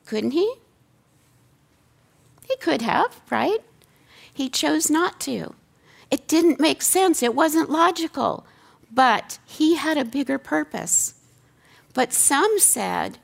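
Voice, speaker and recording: A woman's voice: high-pitched, animated, slow, creaky, pauses often. A middle-aged woman gives an earnest teaching talk on scripture. She asks rhetorical questions and repeats key lines for emphasis. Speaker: seminary teacher giving a talk.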